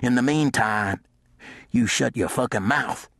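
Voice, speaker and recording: A man playing a hulking local thug who bullies and threatens. His voice is husky and recorded dry and close. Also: mid-range voice, a little slow, a bit bright, no echo, pitched above the performer's own voice. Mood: menacing. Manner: threatening, bullying. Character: big menacing brawler man, local watchman.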